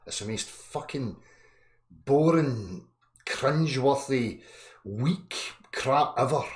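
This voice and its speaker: A man in his thirties ranting angrily on a live chat, profane, swinging from low muttering to shouting. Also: roomy sound. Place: indoor room.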